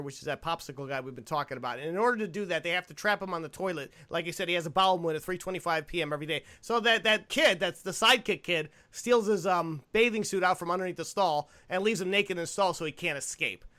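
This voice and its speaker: A young man riffing on a film for his podcast, voice pitched high for a man and bright with some edge to it. he talks in an animated, wandering way that keeps circling back, and he breaks into laughs often. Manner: animated and rambling, quick to laugh. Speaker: podcast host. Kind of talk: casual movie commentary.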